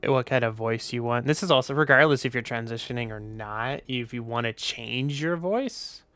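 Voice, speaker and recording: Tired young man with a bright, smooth voice. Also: mid-range voice, moderate pace, dry recording. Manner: rambling, offhand, swears casually. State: tired, sleepy. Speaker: VTuber streamer. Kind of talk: casual stream chat.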